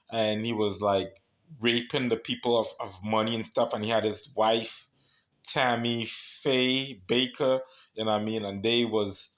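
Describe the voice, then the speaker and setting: A man's voice: mid-range voice, fairly bright tone. A man from the United States talking in a rambling, conspiratorial monologue, constantly checking in with the listener. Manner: rambling, conspiratorial, peppers talk with "you know what I mean".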